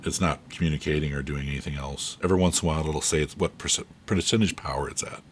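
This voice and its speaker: Deep voiced guy running the game, laid back, little bit of hiss behind. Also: fast. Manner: relaxed, describing scenes. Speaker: game master. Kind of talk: narrating a tabletop game.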